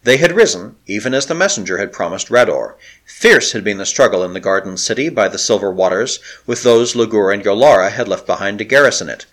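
A man narrating a novel aloud in a dramatic, expressive storytelling manner. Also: fairly low pitch, fairly quick. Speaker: audiobook narrator.

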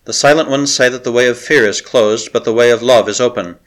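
A man reading a brave young handmaiden who speaks softly and gravely to her beloved in an audiobook. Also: mid-range voice, brisk, lightly acted. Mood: tender. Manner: soft, grave, tender. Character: brave young woman handmaiden, gentle and loving.

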